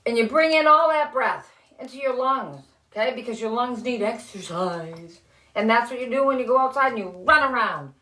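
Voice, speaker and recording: A middle-aged woman hosting a children's reading show, speaking gently and encouragingly to young kids as she reads a story and leads simple exercises. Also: fairly high pitch, animated, normal speed, roomy sound. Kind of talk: reading aloud and leading kids' activities. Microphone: live-stream camera.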